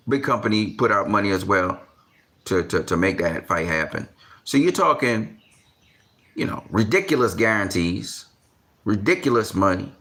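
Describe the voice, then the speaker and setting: A man giving casual boxing commentary, repeating himself and piling on slang as he rants in disbelief. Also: vocal fry. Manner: repetitive, exasperated rants with slang; gets louder and higher when worked up. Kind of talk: animated boxing talk.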